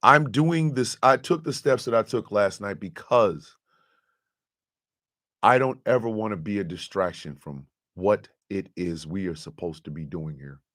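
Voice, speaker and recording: A man hosting his show, talking to his audience in an impassioned, profane monologue that swings from quiet confession to loud outrage. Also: fairly low pitch, measured pace.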